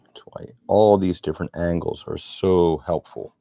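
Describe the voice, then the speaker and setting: A man's voice: low-pitched, steady tone, moderate pace, gravelly, warm tone, breathy edge, no echo. A middle-aged man chatting casually and rambling as he narrates his sculpting work. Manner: rambling, chatty, self-deprecating. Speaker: sculptor vlogger.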